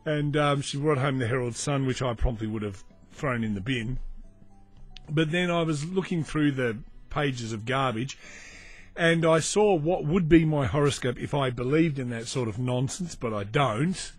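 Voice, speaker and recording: A man's voice: mid-range voice, normal speed, no echo, faint music behind. A man hosting a comedy podcast, rambling through a dry, mocking monologue and getting easily sidetracked.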